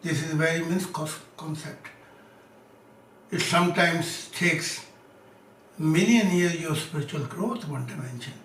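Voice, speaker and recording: A man answering audience questions as a spiritual teacher, speaking slow, insistent, broken English. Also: on the high side, fairly bright tone, a little hiss or hum. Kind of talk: live question-and-answer talk. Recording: echoey room, mic at a distance.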